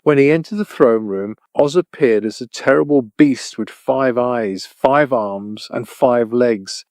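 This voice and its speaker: A man narrating a children's storybook audiobook in an even, clear storytelling voice. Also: mid-range voice, unhurried, dry recording, clean studio sound.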